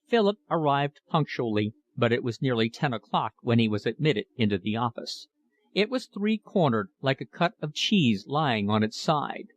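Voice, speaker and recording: Man reading a classic novel aloud. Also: mid-range voice. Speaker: audiobook narrator. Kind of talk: scripted narration.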